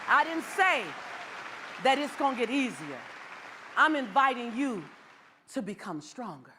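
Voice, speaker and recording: A woman in her forties giving an inspirational keynote as a motivational speaker, animated and leaning on repeated rallying phrases. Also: high-pitched, measured pace, pauses often, crowd noise, background noise. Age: 40s.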